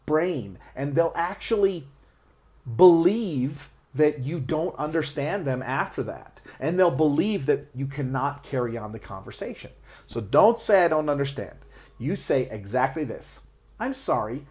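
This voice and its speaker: A man's voice: fairly high pitch, a little mellow. A man teaching English learners useful phrases in a chatty way, with lots of "uh" and restarts, laughing as he acts out sample exchanges. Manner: chatty, with frequent "uh" and self-restarts; acts out sample replies and laughs between examples. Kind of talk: explaining tips to English learners.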